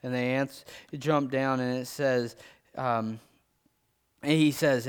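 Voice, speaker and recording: A man preaching a sermon, acting out scripture with big swings between loud, quick lines and low, slow King James readings. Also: clean tone. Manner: animated, dramatizes scripture quotes with big swings in pitch and loudness.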